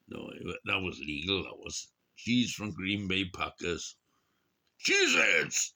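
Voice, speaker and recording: Gravelly, rambling late-night man. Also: low-pitched, sharp tone. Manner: rambling, digressive, swears often, slurry tipsy asides; forgetful, searches for words aloud. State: tired, up late and drinking.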